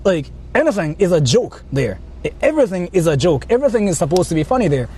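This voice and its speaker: A man's high voice, very animated, dark and a bit breathy, comes fast as he vlogs on the road. His casual driving chat wanders, heavy with fillers and swearing. Faint road and street noise fills the car around him.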